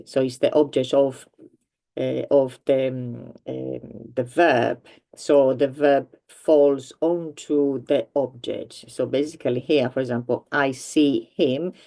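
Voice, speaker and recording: A woman's voice: very deep voice, gravelly, dark tone. A woman teaching a language grammar lesson, explaining patiently with many ums and restarts. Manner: patient, repeats points for learners.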